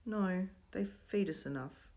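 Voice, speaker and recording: A woman voicing a dazed young boy who speaks flatly and quietly. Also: medium pitch, slow, pitched above the performer's own voice, close to an everyday voice. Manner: flat, quiet and soft-spoken.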